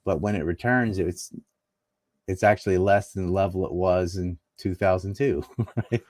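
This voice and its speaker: Interview guest: man from North Carolina, very low voice, argumentative and scoffing, dry close sound. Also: normal speed, darkish tone, dry recording. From North Carolina, USA. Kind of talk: casual political talk.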